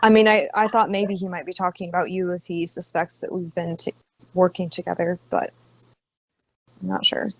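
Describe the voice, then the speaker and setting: A woman's voice: on the low side, flat delivery, moderate pace, a little hiss or hum, rough recording. A woman player talking in character in a tabletop game, asking questions and often restarting her sentences. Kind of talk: in-character roleplay chat.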